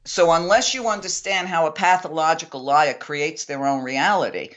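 A woman's voice: deep voice, moderate pace, lo-fi sound. An older woman from New York, a podcast guest talking bluntly and scornfully. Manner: blunt, scornful, sharp-tongued. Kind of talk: podcast conversation.

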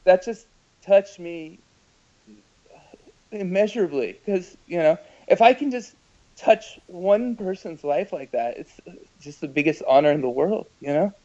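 An earnest man talking as an interview guest, emphatic, his loudness rising and falling. His voice sits fairly high and comes through a dull, muffled remote line. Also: lively intonation, a little slow. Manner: earnest, emphatic, swings loud and soft.

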